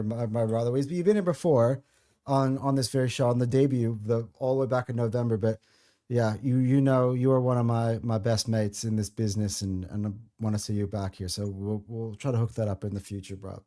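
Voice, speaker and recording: A man's voice: mid-range voice, fairly quick, warm tone. A man hosting a football podcast, chatting in a friendly, enthusiastic way that is full of restarts. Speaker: podcast host. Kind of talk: casual football podcast chat.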